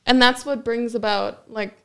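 Higher-voiced woman host with vocal fry. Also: fairly even intonation, normal speed, a bit bright. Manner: encouraging, reflective. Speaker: podcast host. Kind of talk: casual interview.

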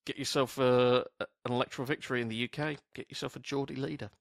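A man's voice: medium pitch, fairly even intonation, quick pace, gravelly, dry recording, studio quality. A man from the UK hosting a casual podcast chat, rambling through asides and swearing freely. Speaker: podcast host.

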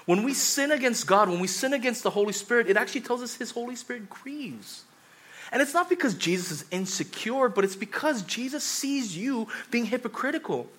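A man in his thirties, a pastor giving a sermon, telling stories in a chatty way and rising to loud urgent pleading. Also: very high voice, sing-song, a little fast, slightly rough. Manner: conversational preaching, swings from quiet storytelling to loud urgent pleading.

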